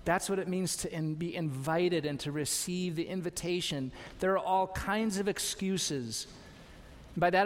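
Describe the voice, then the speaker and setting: High-voiced preacher in a reverberant church. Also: male voice. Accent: American. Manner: exhorting, repetitive calls to trust and obey. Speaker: pastor. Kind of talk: sermon. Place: church sanctuary.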